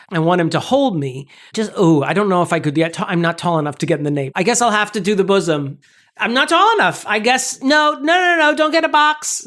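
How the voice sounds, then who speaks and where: A man co-hosting a movie podcast in casual chat, opinionated and playful with jokey asides. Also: high voice. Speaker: podcast co-host.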